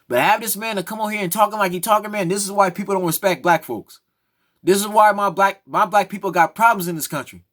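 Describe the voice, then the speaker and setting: Brief: man, high-pitched, fired-up monologue, keeps asking "right?". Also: fast talker, fairly bright tone. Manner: heated, repeats "right?" and "come on now, man". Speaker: commentary vlogger. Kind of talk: opinionated monologue.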